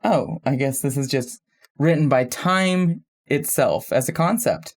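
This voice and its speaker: Animated male podcast co-host. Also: fairly high pitch. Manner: animated, self-deprecating, quick asides. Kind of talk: casual film discussion.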